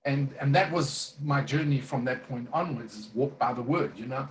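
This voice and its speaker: A man's voice: medium pitch, moderate pace, a little hiss or hum. A man who is a minister, earnestly telling a personal testimony in conversation, rambling with many fillers and restarts.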